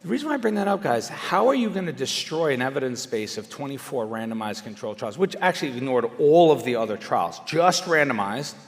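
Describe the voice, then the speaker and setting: A middle-aged man speaks to a live audience at an ordinary pitch, loose and conversational. He swings from loud emphatic bursts to quiet, muttered asides. His voice rings with the long reverb of a large hall. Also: big pitch swings, fairly quick, few pauses. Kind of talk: public speech. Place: large indoor venue.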